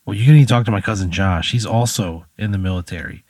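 A man's voice: on the low side, fast, darkish tone, no echo. A man playing a tabletop game, incredulous and sarcastic, swearing as he refuses. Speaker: player. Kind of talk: casual banter in a tabletop game.

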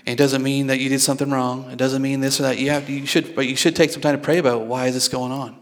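A man's voice: medium pitch, flat delivery, fast. A male pastor preaching a sermon in a conversational way, repeating words as he goes and drawing the congregation in with questions. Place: church.

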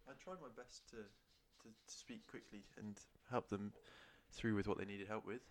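A man's voice: fairly low pitch, fairly even intonation, moderate pace. A man co-hosting a podcast, joining late and teasing his co-host in casual banter.

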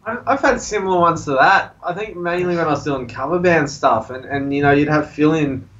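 A man's voice: fairly high pitch, fairly quick, a bit bright, dull audio. A man, a guest musician, easily recounting cover band gigs in casual chat.

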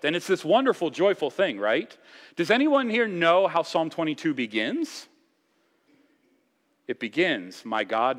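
A man's voice: medium pitch, fairly bright tone, in a large hall. A male pastor preaching a sermon with impassioned emphasis, rising and dropping his voice to drive points home. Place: church sanctuary.

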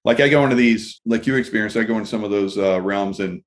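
An older man hosts a casual interview in a low voice. He thinks aloud as he talks. His pace is measured and he leans on small fillers. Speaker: host.

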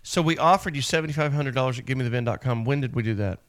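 Casting: a male radio host running a call-in show, mid-pitched voice, brisk and joking, always moving things along. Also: fairly bright tone. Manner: brisk, joking, quick to move on.

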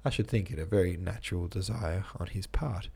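A man reading aloud, voicing a calm, placating male prison official. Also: low voice, a little fast, gravelly, husky, exaggerated voice. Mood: soothing. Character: soothing, mild-mannered male prison official.

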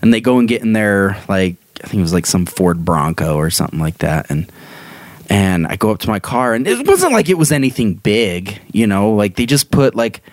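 Male co-host, animated yarn-spinner with a lively voice, dry close mic. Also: on the low side, moderate pace, dry recording. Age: adult, married. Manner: animated, laughs often, acts out quoted voices. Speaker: podcast co-host telling stories. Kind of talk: casual storytelling chat.

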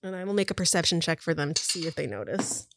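A woman's voice: fairly low pitch, lively intonation, fast talker, a bit bright. A woman as game master, narrating a tabletop game in a casual way.

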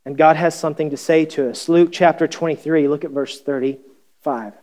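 A pastor preaching a conversational sermon, reading scripture and asking the congregation questions with wry humor. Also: male voice, on the high side, fairly even intonation, moderate pace, mellow.

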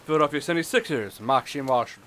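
A man co-hosting a sports podcast, laying out his opinions in a measured way. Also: mid-range voice, a bit bright, slight background noise, rough recording. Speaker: podcast co-host. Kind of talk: sports analysis chat.

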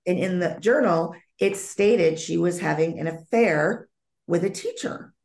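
Low gravelly woman telling a story. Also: unhurried, darkish tone, roomy sound. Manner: vivid storytelling that acts out dialogue, with frequent restarts. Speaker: psychic medium guest. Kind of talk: casual storytelling interview.

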